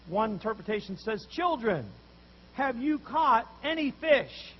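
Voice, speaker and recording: A man preaching a sermon, telling a story with animated voices for the people in it. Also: very high voice, unhurried, dull audio. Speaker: pastor.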